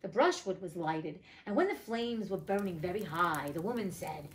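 A woman reading a fairy tale aloud and breaking off for blunt, profane, indignant commentary, her pitch swinging widely. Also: animated, moderate pace, few pauses, slight background noise. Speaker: audiobook reader and host.

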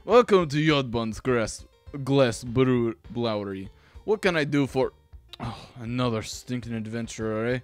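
A man voicing a grumpy male glassblower shopkeeper who is fed up with adventurers, in a put-on mix of Irish and Russian accents, grumbling loudly. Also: mid-range voice, unhurried, soft background music, lightly acted. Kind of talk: reading game character dialogue aloud.

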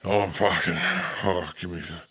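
A man's voice: low voice, steady tone, moderate pace, a bit bright, slightly rough, full character voice. A man playing a belligerent, swearing arrested man in a comedy sketch, rambling and profane. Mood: grumbling. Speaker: comic sketch actor.

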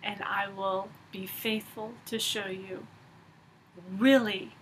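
A woman voicing God in a calm, patient tone while she retells a story. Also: medium pitch, slow pace, slight background noise, close to an everyday voice. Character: calm, patient divine male voice.

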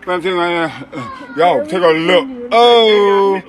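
A man rambling excitedly on a city street, filmed by bystanders on a phone, repeating calls of "hey". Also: sits high, unhurried, a crowd in the background. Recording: loud street traffic noise.

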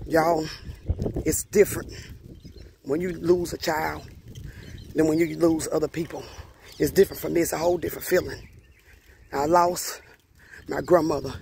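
A grieving middle-aged woman records an earnest personal video message, her voice heavy with gravelly fry throughout. She talks with deep emotion and circles back to the same words, sounding worn by her loss. Faint outdoor ambience with birds sits behind her. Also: noisy background. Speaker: grieving mother vlogger.

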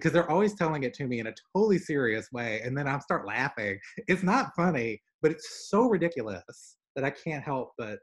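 A man's voice: medium pitch, a little fast, few pauses. A young man from the American South with a Southern accent, an artist talking casually on a video call, telling stories animatedly with lots of fillers. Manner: animated storyteller, many fillers. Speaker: artist guest. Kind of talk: casual conversation.

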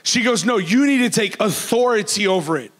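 A man preaches in a loud, animated voice that sits high for a man. He jokes freely with his congregation. The voice rings with the long reverb of a church hall. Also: brisk. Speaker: pastor. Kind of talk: sermon.

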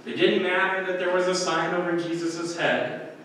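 A man's voice: sits high, steady tone, normal speed, fairly bright tone, slight background noise. A man preaching a sermon as pastor, earnest, lifting his voice on the quoted lines. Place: church sanctuary. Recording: echoey church hall, mic at a distance.

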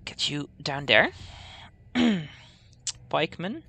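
A man's voice: a little high, very animated, slow, gravelly, sharp tone, slightly rough. A young man hosting a let's-play, thinking aloud as he plays and saying "okay" over and over. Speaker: gaming channel host. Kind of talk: casual let's-play commentary.

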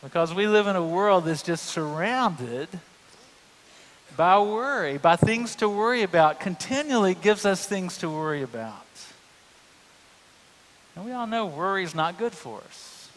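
A man's voice: high-pitched, animated, a little slow, fairly bright tone. A male pastor, preaching a sermon in a humorous, conversational storytelling way. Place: church sanctuary. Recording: long church reverb.

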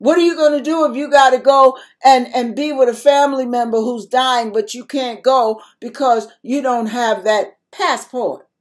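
A woman's voice: high-pitched, normal speed, hardly any pauses. An older woman giving a spoken devotional sermon to her viewers, emphatic and repetitive as she exhorts them. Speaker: christian video preacher.

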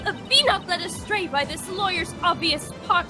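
A woman's voice: extremely high pitch, normal speed, music in the background, crowd noise, pitched above the performer's own voice. A woman reading a haughty priestess princess. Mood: imperious. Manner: formal, archaic phrasing read aloud.

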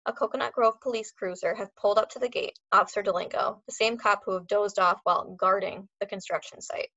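A woman reading a novel chapter aloud as a teacher, expressive and acting out the characters. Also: medium pitch, fairly quick, no echo, dull audio.

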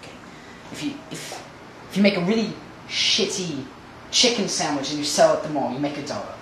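An actor playing a scheming immigrant hustler in an acting-class film monologue, speaking in halting, repetitive, quietly sinister musings. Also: male voice, fairly high pitch, lively intonation. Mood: mocking. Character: scheming immigrant hustler man, smugly menacing. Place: large echoey studio kitchen. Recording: echoey room from far off, noisy.

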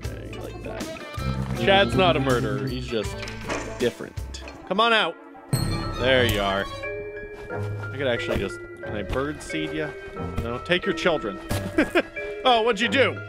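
A man giving excitable let's play commentary, reacting loudly to a game as he plays. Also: mid-range voice, measured pace, long pauses, loud music behind the voice. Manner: excitable, yelps and shouts at the game. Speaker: gaming YouTuber.

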